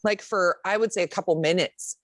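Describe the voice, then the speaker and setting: A woman's voice: lowish voice, fairly quick, dry recording. A young adult woman co-hosting a podcast, telling a story in casual chat, swearing freely and acting out what people said. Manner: lively storyteller who swears and acts out quotes. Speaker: podcast co-host.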